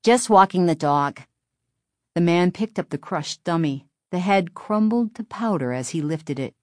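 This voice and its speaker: An audiobook narrator, a woman with a fairly low voice, reads a scripted children's story in a steady, expressive way. She speaks at normal speed, with clean studio sound and no room noise.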